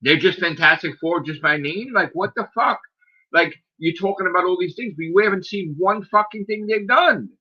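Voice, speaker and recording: A man's voice: high voice, normal speed, breathy edge. Exasperated man ranting with profanity. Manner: exasperated, profane, rhetorical questions, lots of 'like'. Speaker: podcast host. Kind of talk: casual rant. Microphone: streaming microphone. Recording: slightly dull lo-fi sound.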